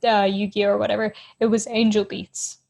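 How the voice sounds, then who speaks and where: A woman's voice: medium pitch, little pitch movement, moderate pace, gravelly, darkish tone. Giggly, rambling woman for a casual chat podcast, middle voice. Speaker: podcast co-host.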